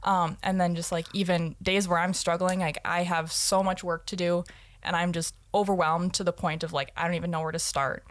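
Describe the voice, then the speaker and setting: A woman's voice: fairly low pitch, flat delivery, brisk, no echo. A young woman, a recent graduate, talking casually as an interview guest with many fillers. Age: young adult. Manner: talkative, frequent "like" fillers.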